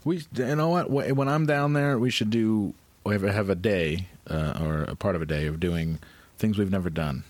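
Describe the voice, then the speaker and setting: A man's voice: fairly low pitch, moderate pace, a little mellow, no room sound. A man co-hosting a podcast in casual chat, laid-back and eager about music. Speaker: podcast co-host.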